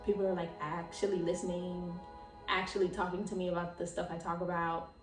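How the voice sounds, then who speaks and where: A young woman in her twenties hosting her own podcast, excitable and chatty, full of "like" and laughs. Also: lowish voice, a little fast, echoey room, recorded from a distance, music in the background. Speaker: podcast host. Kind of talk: casual chat.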